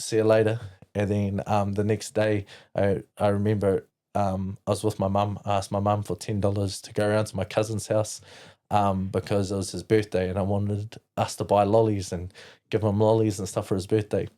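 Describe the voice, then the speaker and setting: A man's voice: fairly low pitch, dark tone. A man from New Zealand as a podcast guest, telling his own story candidly, rambling with many "like" fillers and blunt swearing.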